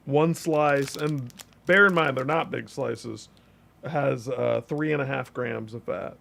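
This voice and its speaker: A man's voice: medium pitch, slow, vocal fry, fairly bright tone. A man co-hosting a livestream, chatting casually and swearing easily. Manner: laid-back, swears casually. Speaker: livestream co-host.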